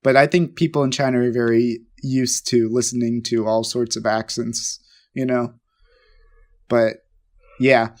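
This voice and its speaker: A man's voice: medium pitch, level tone, a little slow. A young man co-hosting a casual improv podcast, rambling and joking. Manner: rambling, jokey, slips into put-on voices. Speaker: podcast co-host. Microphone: remote call mic.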